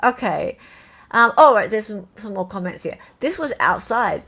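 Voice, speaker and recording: A woman hosting a live chat show, her talk full of swings in pitch as she reads out viewer comments and reacts. Her voice has a slightly gravelly, fry-tinged edge, and she keeps the tone loose and conversational. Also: moderate pace. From Australia. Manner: animated, chatty, reads viewer comments aloud. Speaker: host. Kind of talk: casual livestream chat reading comments.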